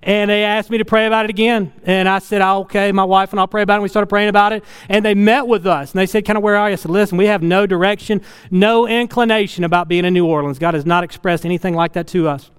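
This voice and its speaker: A middle-aged man preaching a sermon, telling a personal story in an earnest way that swings from loud to hushed and tearful. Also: high-pitched, flat delivery, quick pace, few pauses, smooth, in a large hall. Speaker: pastor.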